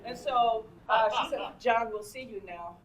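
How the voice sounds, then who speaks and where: A woman's voice: a little high, unhurried. An older woman at a convention panel, telling bawdy anecdotes with big laughs and acted-out voices. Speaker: panel guest. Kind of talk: animated storytelling with acted-out voices. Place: convention panel room with audience. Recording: roomy convention hall, distant, crowd noise.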